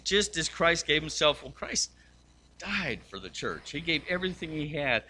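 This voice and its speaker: A man's voice: fairly high pitch, big pitch swings, normal speed, pushed and bright, a little hiss or hum. A man preaching a sermon, telling stories and acting out the voices of the people in them. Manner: storytelling, acts out quoted voices. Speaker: pastor.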